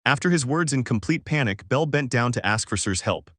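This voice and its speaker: Male narrator, even flat reading, medium pitch, dry close sound. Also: fairly quick, no echo. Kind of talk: reading a fan story.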